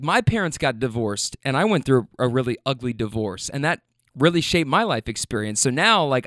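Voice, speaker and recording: A man who drives for a rideshare service, telling a story in a casual, animated way, full of fillers and swearing. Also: on the high side, dry recording, studio quality.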